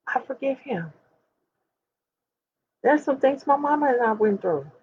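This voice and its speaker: A woman's voice: sits high, animated, a little slow, dull audio, slight background noise. A woman of forty talking candidly and emphatically to her viewers, speaking straight to them like a preacher. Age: 40s. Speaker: host. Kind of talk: candid personal talk to viewers.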